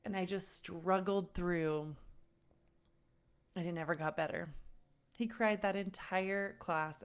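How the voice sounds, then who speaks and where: Woman parenting coach, smooth clear voice, storytelling to a live audience. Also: lowish voice. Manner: warm-up roll call, then storytelling with acted-out quotes. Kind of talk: live webinar teaching.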